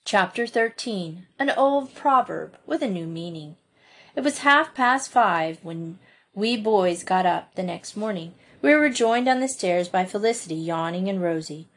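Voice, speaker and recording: A woman's voice: fairly low pitch, expressive, measured pace. Woman reading a classic novel aloud. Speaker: audiobook narrator. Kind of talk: audiobook reading.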